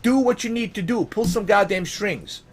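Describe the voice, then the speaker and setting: A man's voice: high voice, normal speed, vocal fry, soft background music. A man ranting in vlog commentary about games, exasperated and emphatic, swearing and firing off rhetorical questions. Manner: pleading and emphatic. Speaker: gaming vlogger.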